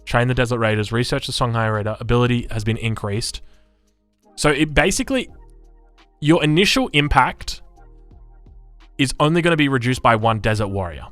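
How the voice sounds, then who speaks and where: An Australian man goes through game patch notes on a live stream, answering his chat with quick chuckles. His pitch swings widely, and the sound is dry and close. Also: lively intonation, fairly bright tone, no echo, faint music behind. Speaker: gaming streamer.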